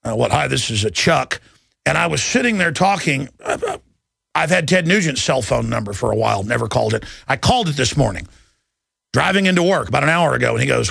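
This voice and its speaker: A male radio host with a gravelly, husky voice. He talks fast and emphatically in a dry studio and keeps restarting his sentences. Faint music plays behind him. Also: fairly high pitch, expressive, a bit bright, dry recording. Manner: rapid, emphatic, with many restarts. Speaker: radio talk show host. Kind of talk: talk radio monologue and live ad read. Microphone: studio microphone.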